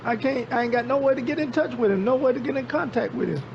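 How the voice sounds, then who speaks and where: Man, gravelly, higher-pitched, emphatic casual storyteller, muffled lo-fi audio with noise. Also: fast talker. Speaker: podcast guest. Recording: muffled lo-fi stream with background noise.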